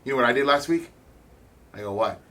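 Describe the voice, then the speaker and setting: A man giving a blunt, candid motivational talk as a real estate investor, swearing freely, speaking in quick bursts with halting restarts. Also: mid-range voice, animated, fairly bright tone, slight background noise.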